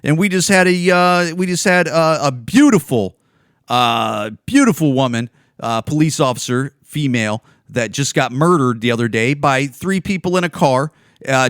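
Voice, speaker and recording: A man's voice: on the high side, lively intonation, normal speed, fairly bright tone, no echo, clean studio sound. A man in his forties from the Chicago area, hosting a podcast and ranting angrily with lots of swearing and repetition. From Chicago area, USA. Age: 40s. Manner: angry, profane, repetitive. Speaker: podcast host.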